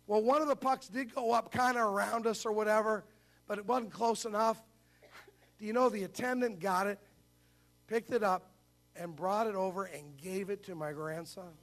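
The voice is high and steady with a fairly bright tone, moving at a moderate pace. An older pastor tells a story in his sermon, then asks the congregation questions they answer aloud, call-and-response style.

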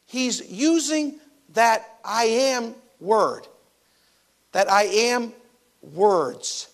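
High-voiced male preacher, animated. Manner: animated preaching, swings from loud emphasis to soft drops. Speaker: pastor. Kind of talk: sermon.

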